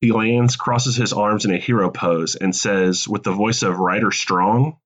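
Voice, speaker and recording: A man casually pitching a comedic movie sequel on a podcast, laughing at his own puns. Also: steady tone, unhurried.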